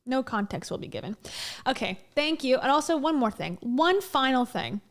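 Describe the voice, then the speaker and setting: A woman with a high voice hosts a reaction video. Her commentary is casual, blunt and openly mocking. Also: big pitch swings, moderate pace. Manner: mocking, blunt, laughs between remarks.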